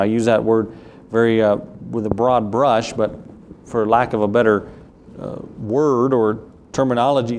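A man's voice: on the low side, a little mellow, slight background noise. Southern man preaching a folksy sermon. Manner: conversational preaching with folksy asides; reads scripture in King James wording.

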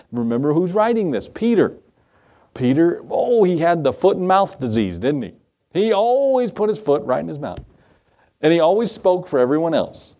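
A man preaching a sermon to a congregation, lively and joking, with animated emphasis on key words. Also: medium pitch. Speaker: pastor.

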